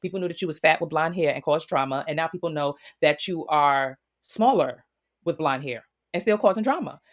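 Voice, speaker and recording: A woman's voice: low-pitched, fairly quick. A woman hosting a casual reality-show gossip recap, blunt and profane. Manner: blunt, profane, animated storytelling. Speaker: recap host.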